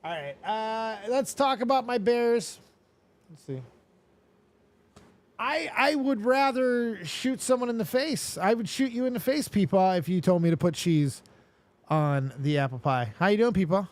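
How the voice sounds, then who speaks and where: A man hosting a casual show, talking in a rambling, profane, excitable way. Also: high-pitched, a little slow. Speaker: host. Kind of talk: casual chat.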